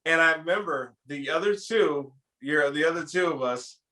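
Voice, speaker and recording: A man casually telling a story from his youth to a friend, animated and acting out the lines he quotes. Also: a little high, normal speed. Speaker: podcast co-host telling a story.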